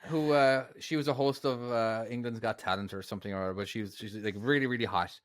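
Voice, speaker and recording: A man's voice: on the low side, steady tone, fairly quick, dry recording, studio quality. A man co-hosting a casual podcast, teasing and playful. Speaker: podcast co-host and editor. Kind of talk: casual chat.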